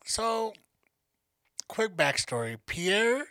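A man co-hosting a podcast, telling stories in a casual, animated and profane way. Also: high voice, very slow, no echo. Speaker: podcast co-host. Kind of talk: casual storytelling chat.

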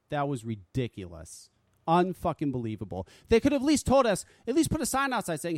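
Male radio host, exasperated profane ranter, lively pitch, dry close sound. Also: fairly quick, dry recording. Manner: animated, exasperated, swears freely. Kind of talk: casual profane talk radio rant.

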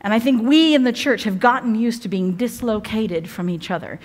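Female guest preacher, conversational and humorous, a touch high-pitched. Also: normal speed. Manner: chatty, humorous, self-interrupting. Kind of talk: sermon. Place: church evening service.

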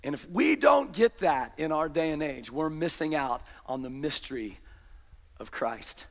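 A man preaching with a high, light voice, his words ringing out in a long hall reverb. He swings from fervent shouts down to low, hushed intensity as he drives his sermon home. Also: expressive, a little slow. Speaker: pastor.

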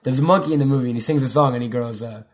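A man's voice: mid-range voice, very fast. A young man in casual chat, rambling and swearing freely as he jumps between stories and quotes. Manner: rambling, swears often, quotes movie lines.

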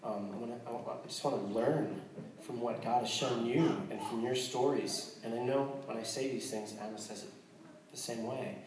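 A man's voice: medium pitch, normal speed, very echoey, distant mic, background noise. An American man, a missionary, talking earnestly with a congregation, joking in between and restarting his sentences often. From United States. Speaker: missionary speaking to a church. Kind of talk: casual testimony to a congregation.

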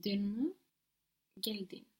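A woman's voice: mid-range voice, animated, takes it slowly, a little mellow, breathy edge. A woman learning a language, answering in short careful phrases.

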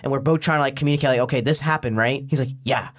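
A man's voice: medium pitch, rapid-fire. A young man, a podcast guest, telling a wild story in casual chat, swearing and laughing as he goes. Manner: animated, swearing, laughing often, slangy.

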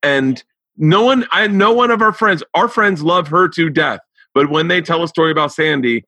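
A man's voice: on the high side, normal speed, sharp tone, no room sound. A man hosting a podcast, chatting casually with lots of swearing and stammered restarts. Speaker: podcast host. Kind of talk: casual interview chat.

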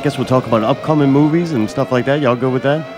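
A man's voice: medium pitch, quick pace, over music. A man hosting a casual podcast chat, joking and laughing often. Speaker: podcast host.

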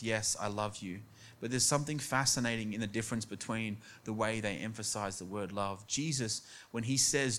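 A man's voice: lowish voice, fairly bright tone. A man preaching a sermon in an earnest way, acting out quoted voices and repeating words for emphasis. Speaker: pastor.

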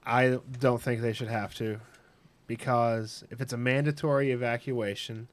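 A man's voice: mid-range voice, fairly even intonation, normal speed. Mid-voiced man telling a joke on a podcast. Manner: blunt opinions, storytelling with voices. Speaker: podcast co-host. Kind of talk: casual chat.

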